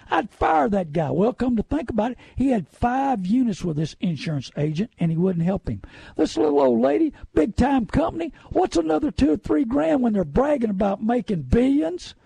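A middle-aged radio host with a drawl, ranting in a folksy, indignant way. His voice sits high but sounds dark and husky, with a gravelly edge. The sound is dry and close. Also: big pitch swings, normal speed, dry recording. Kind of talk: opinionated radio talk.

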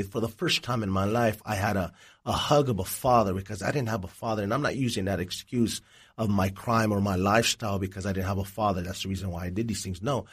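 A man, a Christian evangelist, telling his life story as an interview guest in an earnest, animated way. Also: lowish voice, slightly rough. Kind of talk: personal testimony in an interview.

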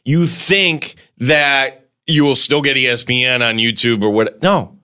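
A man co-hosting a sports radio show, talking loosely and quickly, trailing off into fillers. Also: medium pitch, bright, forceful tone, clear, resonant tone. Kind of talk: casual sports radio chat. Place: radio studio.

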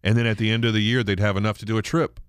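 A man's voice: lowish voice, little pitch movement, rapid-fire, smooth, dry recording, clean studio sound. A middle-aged man hosting a radio show, chatting casually and reminiscing. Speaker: radio host.

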